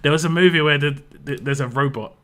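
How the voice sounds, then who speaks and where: Chatty British man, bright voice. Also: a little high, quick pace. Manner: rambling, answers chat questions, frequent fillers and restarts. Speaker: game streamer. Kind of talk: casual live-stream commentary.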